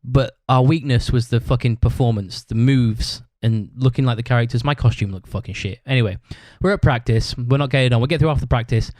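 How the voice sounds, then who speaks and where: A man's voice: medium pitch, a little fast, few pauses, no room sound. A man hosting a podcast, rambling through a story in casual chat, swearing constantly. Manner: acts out other people's shouted lines. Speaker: podcast host.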